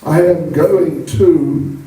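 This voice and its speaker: A solemn, hard-working father, as a man puts him on. He speaks very slowly and deliberately in a dark, mellow tone. His voice sounds distant and echoey, as in a large hall. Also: a little high.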